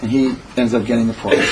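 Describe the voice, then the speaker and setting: A man telling a parable in an animated sermon style, repeating phrases as he goes. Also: mid-range voice, very noisy. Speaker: storyteller. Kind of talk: storytelling sermon.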